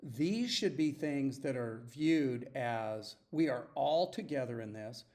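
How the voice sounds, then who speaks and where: Gravelly-voiced man exhorting listeners. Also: mid-range voice, lively intonation, slow, darkish tone. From United States. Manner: earnest, exhorting, frequent throat clearing and restarts. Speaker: podcast host. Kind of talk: opinionated solo podcast monologue.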